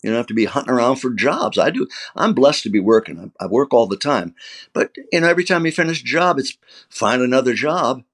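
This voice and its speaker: A man's voice: medium pitch, lively intonation, quick pace, fairly bright tone. An older male actor being interviewed, telling emotional anecdotes and acting out quoted lines. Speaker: actor guest. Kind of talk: conversational interview storytelling.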